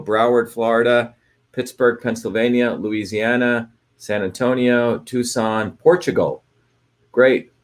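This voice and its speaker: A man hosting a live online talk, greeting viewers by place and explaining ideas in a loose, rambling way with many fillers and restarts. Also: mid-range voice. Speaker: livestream host. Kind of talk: casual livestream talk.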